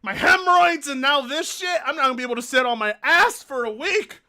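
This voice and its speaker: High bright-voiced swearing male streamer. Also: lively intonation, fairly quick. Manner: profane, whiny and exasperated. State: in pain, groaning. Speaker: live streamer reading donations. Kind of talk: casual live-stream chat.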